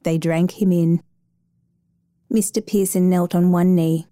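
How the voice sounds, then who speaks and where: A woman reading a story aloud, narrating as an adoption caseworker, in a calm, measured way. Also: on the low side, dry recording.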